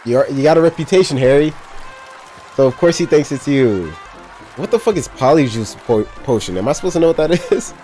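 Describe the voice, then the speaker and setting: A man's voice: a little high, animated, fairly quick, dark tone, faint music behind. A young man casually reacting to a movie, talking in loose slang, cursing and laughing a lot.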